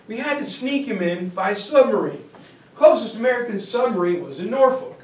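A man giving a history lecture to a class, telling it as a lively, joking story. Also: high voice, moderate pace. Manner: animated, joking storytelling with acted-out voices. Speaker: teacher. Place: lecture room. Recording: roomy, from far off.

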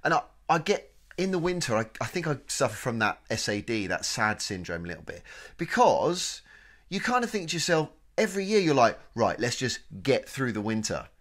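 A man's voice: a little high, fairly quick. Chatty British man, laughing and swearing. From United Kingdom. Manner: animated, swearing, laughing, jokey asides. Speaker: podcast co-host. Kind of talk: casual comedy podcast chat.

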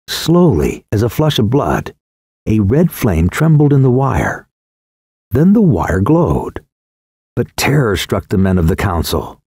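A man narrating an audiobook in a dramatic, expressive way on a close studio mic. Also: medium pitch, breathy edge, dry recording.

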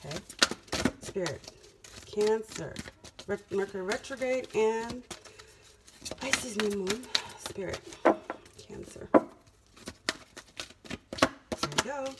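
A woman reads tarot cards for her audience in a casual, spiritual way. She talks emphatically, circling back to the same phrases to drive them home. A steady noisy background with clicks sits under her voice. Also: on the high side, takes it slowly, pauses often. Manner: emphatic, repeats phrases for effect. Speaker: tarot reader.

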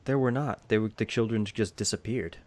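A man's voice: lowish voice, fairly quick, a crowd in the background. A man narrating as dungeon master of a tabletop game, talking with many ums and restarts. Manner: hesitant, full of ums and restarts.

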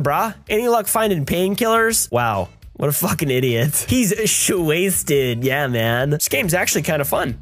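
A young man giving crude, sarcastic commentary while playing a game, jumping between high mock voices and low mumbles. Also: a bit bright. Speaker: gaming commentator. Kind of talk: crude joking let's-play commentary. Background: faint game music.

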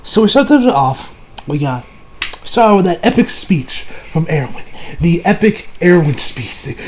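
Excitable high-voiced young man reviewing anime. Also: measured pace, slight background noise, rough recording. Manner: excitable, swearing, recapping scenes with mock quotes. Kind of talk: casual episode review.

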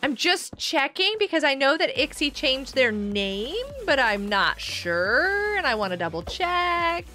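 Woman, live-stream host, high voice, sharp bright tone, casual viewer chat, giggly. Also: big pitch swings, a little slow, hardly any pauses. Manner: bubbly, giggly, chatty, reading chat aloud. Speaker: streamer hosting a game server.

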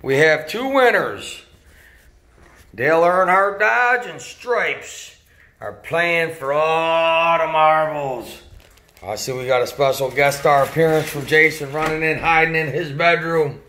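A man's voice: on the high side, unhurried, bright, forceful tone. A man playfully hosting and announcing toy car races at home for his son, like a goofy announcer. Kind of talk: playful home video commentary.

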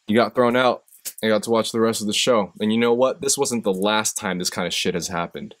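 A man's voice: on the low side, brisk, a bit bright. A man hosting a live stream, telling stories and giving a profane, impassioned motivational speech that rises in intensity when he gets fired up. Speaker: host.

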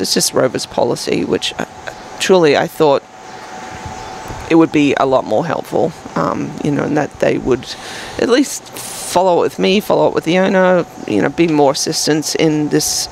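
A woman's voice: sits low, gravelly, a little hiss or hum, rough recording. A woman co-hosting a podcast, telling a long rambling story in casual chat with many fillers. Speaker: podcast co-host.

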